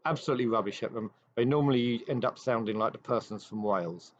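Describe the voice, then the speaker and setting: A man hosting a show, retelling an old ghost story with measured pacing and dramatic pauses. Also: mid-range voice, a little hiss or hum. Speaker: host. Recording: dry, slightly dull recording.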